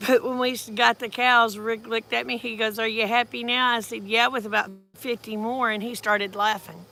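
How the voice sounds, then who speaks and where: Folksy farm woman, gravelly. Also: on the high side, fairly even intonation, normal speed, sharp tone, soft background music. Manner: folksy, chatty, drawling. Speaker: farm vlogger. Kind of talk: casual storytelling.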